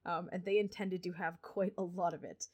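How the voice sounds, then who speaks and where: A woman's voice: on the low side, steady tone, fairly quick, a little mellow, husky. A young woman hosting a podcast, chatting casually and retelling a history story, laughing often. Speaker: podcast host.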